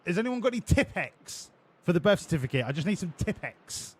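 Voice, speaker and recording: A man streaming a racing game live, bantering with his chat in a profane, excitable way. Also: high voice, a little fast, slightly rough.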